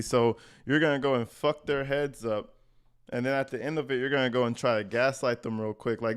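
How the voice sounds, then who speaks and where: A man giving a casual reaction commentary on news clips, talking bluntly with profane slang and getting excited. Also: mid-range voice, a little fast, clean tone.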